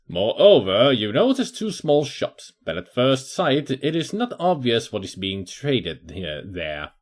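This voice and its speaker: A man's voice: mid-range voice, fairly bright tone. A man playing a video game on his own, reading its text aloud and musing about what to do next. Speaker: let's player. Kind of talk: casual game commentary.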